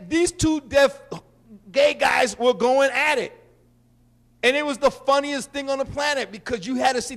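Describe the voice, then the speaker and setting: A brash man from Puerto Rico hosting a comic monologue, his voice sitting very high for a man. He jokes loudly and breaks into sudden shouted bursts. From Puerto Rican. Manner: brash, joking, loud bursts. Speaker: host. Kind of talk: stand-up style monologue.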